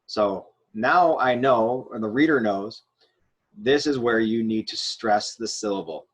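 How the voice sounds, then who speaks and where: A man's voice: medium pitch, measured pace, breathy edge. A man teaching a grammar lesson, explaining step by step while he writes on a board, with frequent fillers and restarts. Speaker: Spanish teacher.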